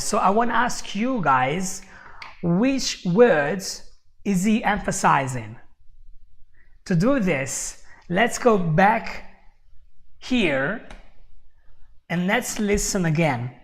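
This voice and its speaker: A man teaching English in a live online lesson, moving at an unhurried, drawn-out pace. He keeps checking in with his viewers, tosses in quick laughs and answers chat comments by name. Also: sits high, a bit bright. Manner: explanatory, checks in with "okay?" constantly, laughs often.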